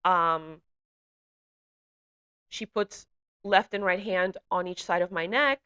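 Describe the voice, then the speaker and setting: A woman recounts a personal testimony in a bright, clear-toned voice. She speaks earnestly and haltingly, with fillers and restarts. Her telling is heartfelt and emotional. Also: fairly low pitch, lo-fi sound. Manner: grows emotional while recounting.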